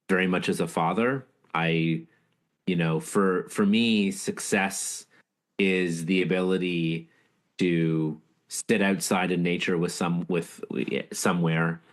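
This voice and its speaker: Male author guest, very low voice, earnest, reflective storytelling. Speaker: author and leadership speaker, guest. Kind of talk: casual interview storytelling.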